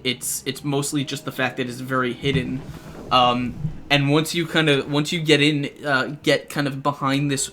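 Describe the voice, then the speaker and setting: A man's voice: mid-range voice, pushed and bright, a little hiss or hum. A man narrating as game master, hesitant, with many restarts and fillers.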